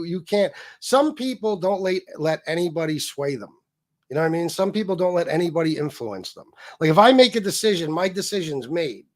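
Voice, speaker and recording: A man hosting a casual livestream, talking bluntly and with lots of swearing, and reading out viewer messages. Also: on the high side. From Sicilian heritage. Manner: profane, blunt, reads donor messages aloud. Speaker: livestream host.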